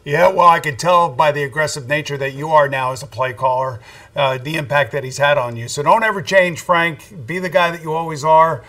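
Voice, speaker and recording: A man's voice: on the high side, steady tone, a little fast, bright, forceful tone. A man in his sixties hosting a casual sports interview, friendly and teasing with his guest. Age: 60s. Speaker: host.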